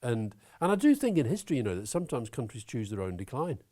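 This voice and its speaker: A man talking as an interview guest, opinionated and animated, swearing now and then. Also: medium pitch, fast. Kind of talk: conversational interview.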